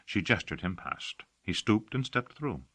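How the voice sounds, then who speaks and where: A man narrating an audiobook with expressive storytelling. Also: on the low side, a little slow, no echo. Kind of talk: scripted narration.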